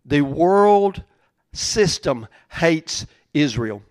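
A man delivering a sermon with a somewhat high voice, preaching in a folksy, down-to-earth way. He drives points home by repeating lines and shifting between loud and hushed delivery. The sound is dry and close, with no room echo. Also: big pitch swings, very slow. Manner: emphatic, repeats phrases for effect, swings between loud and soft; plain-spoken, folksy preaching. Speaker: pastor.

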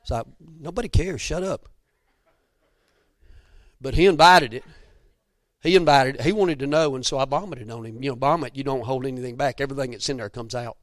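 A middle-aged man from Georgia preaches with a Southern accent in a folksy, emphatic storytelling way. His voice sits at a middle pitch and falls now and then to soft near-whispers. The sound is close and dry, with no room echo. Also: fast talker. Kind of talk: sermon storytelling.

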